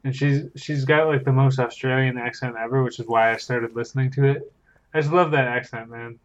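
A man from Canada co-hosting a podcast, chatting in a relaxed, dry, easygoing way. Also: mid-range voice, brisk. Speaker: podcast co-host. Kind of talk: casual chat. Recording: dull, lo-fi audio.

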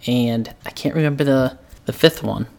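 A man's voice: mid-range voice, moderate pace, vocal fry. A man hosting a podcast from a loft converted into a studio, chatting casually and laughing easily with his co-host. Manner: laughs easily, relaxed banter. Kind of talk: casual chat.

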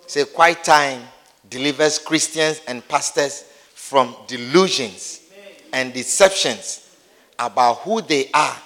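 A man's voice: mid-range voice, slow pace, a bit bright. A male preacher giving a sermon who acts out everyday scenes and repeats key phrases for emphasis. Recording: long hall reverb.

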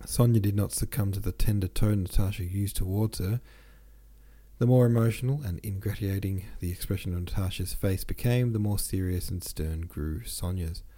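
A man reading a classic novel aloud in a steady audiobook style, his voice dark and mellow with a husky, breathy grain. His pitch sits on the low side. He drops quieter on each dialogue tag. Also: moderate pace. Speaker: audiobook narrator. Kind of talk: audiobook narration.

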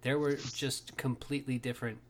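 A man's voice: mid-range voice, flat delivery, fairly quick. A man talking as a podcast guest in casual chat, digressive with many fillers.

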